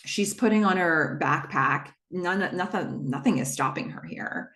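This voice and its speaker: A young adult woman hosts a podcast, casually recapping a TV episode with plenty of fillers and self-corrections. She acts out the characters' lines by quickly jumping in pitch, and her intonation is lively with a fairly bright tone.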